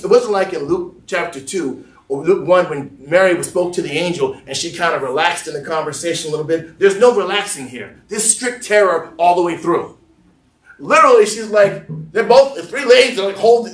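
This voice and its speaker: A male pastor preaching a lively sermon, acting out voices and joking with the congregation. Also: sits high, reverberant, distant mic. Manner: animated, acts out voices, jokes with the congregation. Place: church sanctuary.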